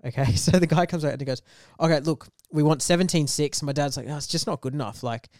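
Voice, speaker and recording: A young man, co-hosting a podcast and telling a story in lively casual chat, acting out the voices of the people in it. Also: a little high, fast talker, dry recording, clean studio sound. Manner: animated storyteller, acts out quoted voices. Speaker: podcast co-host.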